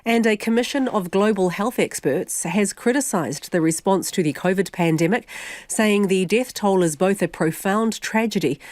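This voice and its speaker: A woman reading news headlines on radio in a measured, formal way. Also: mid-range voice, a little mellow, dry recording. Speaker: newsreader.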